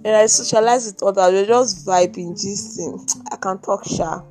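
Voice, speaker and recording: With faint music in the background, a young woman with a Nigerian accent talks through a casual solo episode of her own podcast, having just woken up. Her voice is medium-pitched and darkish at a moderate pace, and she rambles chattily, saying "like" constantly.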